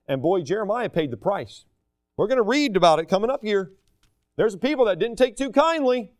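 A man's voice: high-pitched, a little fast, no echo, studio quality. A man preaching a sermon, talking casually and acting out the people he quotes. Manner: animated, acts out the people he quotes.

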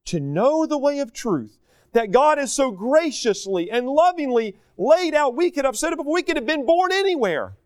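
A man preaching a sermon, moving between emphatic peaks and slow, quiet asides. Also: extremely high pitch, big pitch swings, no echo, studio quality. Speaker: pastor.

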